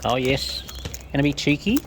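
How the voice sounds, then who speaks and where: Woman, low-pitched, slow sing-song coaxing of birds, noisy outdoor recording. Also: animated. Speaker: bird feeder vlogger. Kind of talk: casual talk to wild birds. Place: outdoors among wild birds. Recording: outdoor noise with bird sounds.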